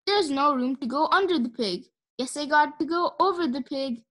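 A woman's voice: sits high, normal speed, lightly acted. A woman voicing a small male cowboy burglar who talks in a drawling, folksy way, in a children's storybook reading.

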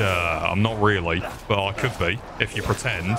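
Sarcastic and swearing, this young man from England jokes about the characters in his let's play for YouTube. He speaks low and a little slowly with hardly any pauses, over heavy background noise.

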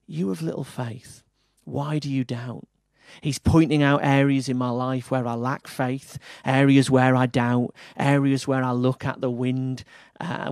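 A man's voice: mid-range voice, no room sound. Earnest English man preaching, dry sound. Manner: earnest, shifts between firm emphasis and soft, quiet delivery. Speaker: pastor. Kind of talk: sermon.

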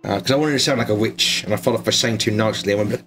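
A man's voice: mid-range voice, lively intonation, fairly quick, sharp tone, faint music behind. Rambling man player. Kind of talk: casual in-character play.

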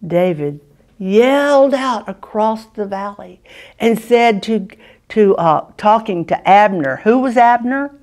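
A woman teaching a children's Sunday school lesson, patiently asking the children questions and often clearing her throat. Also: mid-range voice, lively intonation, slow pace, a little mellow.

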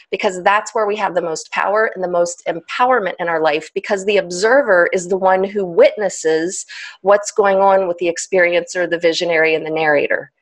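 Laughing, animated woman guest. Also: medium pitch. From United States. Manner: animated, laughs often, acts out inner voices. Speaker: guest, trauma specialist. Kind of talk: explanatory podcast conversation.

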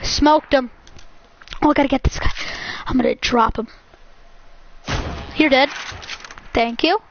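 A woman giving casual, excitable commentary while playing a hunting game, repeating words as she talks. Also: high voice, a little slow, slight background noise. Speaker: gaming channel host. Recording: muffled lo-fi sound.

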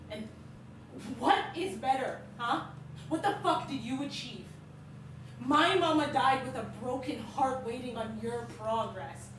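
An actress playing a bitter grown child who harshly curses and accuses an absent father, in a stage monologue. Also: a little high. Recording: very echoey stage from far off, room noise.

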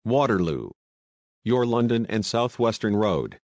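A man reading the part of a brash, excitable young American man who talks in slang and tells his story in a hurry. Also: on the low side, dry recording. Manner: slangy, talkative, hurried storytelling.

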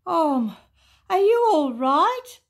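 A woman voicing a bold, boisterous jungle animal who talks loudly and lively. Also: sits high, takes it slowly, voice pushed up, heavily acted. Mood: worried. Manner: loud, lively, teasing.

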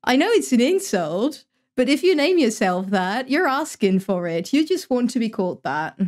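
A young Dutch woman from the Netherlands streams a game, chatting casually, reading her live chat aloud and replying with wry asides in a Dutch accent. Her voice is a little high and sing-song, moderately paced and slightly mellow.

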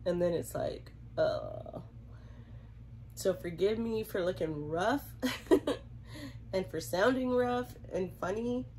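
A woman's voice: medium pitch, slow, a little mellow, rough recording. Congested, chatty Southern woman vlogging. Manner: chatty and giggly. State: congested from a cold. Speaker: reborn doll collector vlogger. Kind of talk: casual chat to camera.

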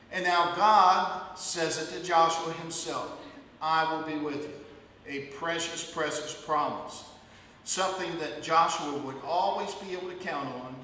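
A male pastor preaching a sermon in a church, emphatic and building to loud declarations. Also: on the high side. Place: church sanctuary. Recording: echoey hall, voice from far off.

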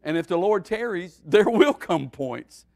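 A pastor teaching a midweek Bible study, his voice sitting a little high for a man. He preaches in a folksy, animated way, pushing loud on his points and dropping to a near murmur between them. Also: unhurried, gravelly. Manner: folksy, animated preaching with wide swings in loudness.

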